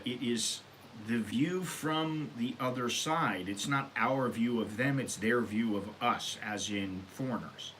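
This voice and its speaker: An American man hosting his own vlog, talking casually and bluntly, rambling and working himself up into loud rants. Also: fairly low pitch, slight background noise. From United States. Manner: rambling, blunt, gets worked up and loud when ranting. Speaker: vlog host. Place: Thailand.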